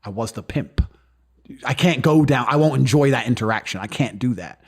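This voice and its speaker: A man's voice: mid-range voice, lively intonation, normal speed, vocal fry, slightly rough. A man being interviewed, talking bluntly and boastfully, swearing freely and acting out other people's voices as he tells stories. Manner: acts out quoted voices of others. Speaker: interview guest. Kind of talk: casual interview talk.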